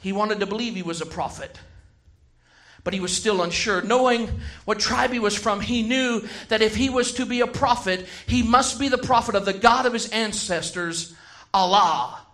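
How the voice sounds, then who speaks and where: A man preaching a sermon, who shouts some phrases and slows right down to stress others. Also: high voice. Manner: emphatic, swings from shouting to slow stressed words.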